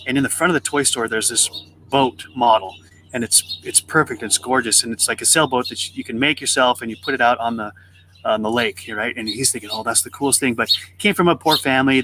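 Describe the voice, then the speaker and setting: A man on a faith podcast, telling a parable and acting out its voices with lively swings in his delivery. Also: mid-range voice, slight background noise. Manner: animated storyteller, acts out the voices in his story. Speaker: podcast co-host. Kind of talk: faith podcast conversation, storytelling.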